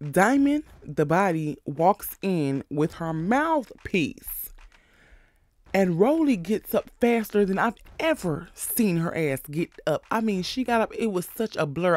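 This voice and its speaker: A man hosting a casual recap of a reality show, sassy, animated and profane as he talks. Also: high-pitched, unhurried, no room sound.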